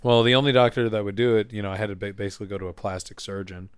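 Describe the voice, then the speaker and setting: Crude animated man telling a story. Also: fairly low pitch, very fast, smooth, no echo. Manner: crude, swears a lot, animated. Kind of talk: casual storytelling.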